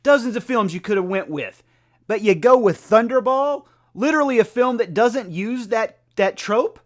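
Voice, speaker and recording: A man's voice: high-pitched, animated, normal speed, voice pushed up. A man voicing an exasperated, nitpicking male film buff who scolds and lists films in disbelief.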